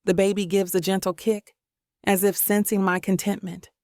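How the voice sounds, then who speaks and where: A woman narrating a romance audiobook in first person, tender and reflective. Her mid-pitched voice has a gravelly edge. The recording is close and dry. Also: flat delivery, normal speed, a little mellow, no echo.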